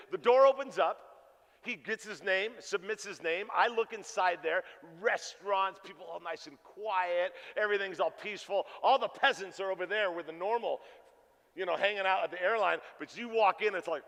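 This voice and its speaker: A pastor preaching a sermon, telling a funny story in an animated way and acting out the dialogue. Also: male voice, high-pitched, brisk. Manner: animated, jokey, acts out dialogue. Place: church sanctuary. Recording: reverberant church hall.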